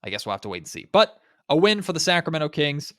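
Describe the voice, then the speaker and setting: A man's voice: a little high, very animated, quick pace, bright, forceful tone, clear, resonant tone, no room sound, studio quality. A man with a nasal, stuffed-up voice from a cold, hosting a solo sports podcast in a chatty way, thinking aloud and asking listeners rhetorical questions. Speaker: podcast host.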